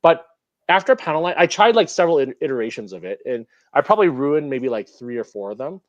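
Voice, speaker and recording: A man's voice: fairly high pitch, very animated, quick pace, no echo, highs cut off. A man from Canada, a guest in a casual interview, talking animatedly with lots of fillers. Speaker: interview guest, model builder.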